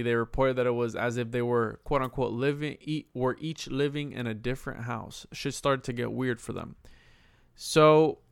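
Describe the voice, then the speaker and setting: A man with a smooth, resonant voice recounts a haunting story in loose, casual podcast chat. He swears freely and stumbles through restarts. The sound is dry and close, with no room around it. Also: mid-range voice, a bit bright, no room sound.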